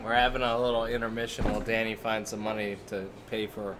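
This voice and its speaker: A man's voice: on the low side, little pitch movement, fast talker. A man co-hosting a casual podcast at a bar, with wry, teasing remarks. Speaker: podcast co-host. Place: noisy bar. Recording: bar crowd behind.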